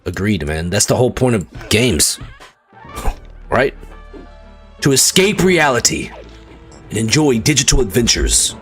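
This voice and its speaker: An excitable man streams his gameplay, his voice swinging widely up and down as he reacts to fights and greets viewers. He curses casually and keeps up running chatter with chat. Faint music plays underneath. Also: medium pitch, unhurried, long pauses. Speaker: livestreaming gamer. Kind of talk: casual live gameplay commentary.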